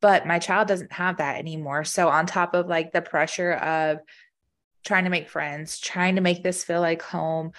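A woman's voice: lowish voice, steady tone, unhurried, fairly bright tone. A woman co-hosting a podcast in casual chat, speaking candidly and earnestly and saying "like" a lot. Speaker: podcast co-host.

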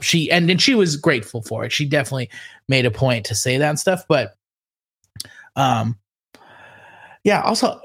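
SoCal co-host, young man, easygoing rambler, slightly high voice, dry close mic. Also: fairly bright tone, no echo. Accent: Southern Californian. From Southern California. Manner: laid-back, rambling, with fillers and laughs. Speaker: podcast co-host. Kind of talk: casual chat.

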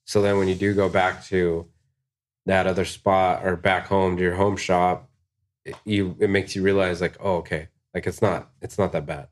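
A man's voice: low-pitched, level tone, normal speed. A man, a guest tattoo artist, talking in a laid-back podcast chat, swearing freely and filling his speech with "like". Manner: laid-back, swears a lot, many "like" fillers. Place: tattoo shop podcast studio.

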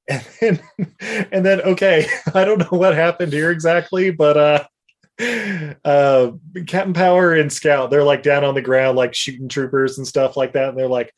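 A man's voice: a little high, normal speed. A man casually recapping an episode as a podcast co-host, rambling and laughing as he goes. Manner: rambling and laughing, with lots of fillers.

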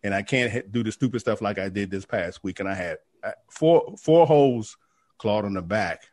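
A man's voice: lowish voice, moderate pace, darkish tone. A man co-hosting a casual golf podcast, rambling with many fillers and restarts. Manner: rambling, hesitant, lots of fillers.

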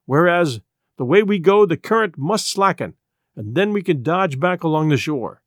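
Stern middle-aged sea captain, clipped commands, fairly high voice, dry as read by a man. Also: animated, moderate pace, no echo. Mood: commanding. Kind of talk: audiobook character voice.

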